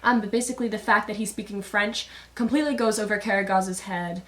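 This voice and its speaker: A woman's voice: medium pitch, fast, a bit bright. A young woman student chatting enthusiastically as she explains her project in a home basement. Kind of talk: casual explanatory video. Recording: echoey basement room.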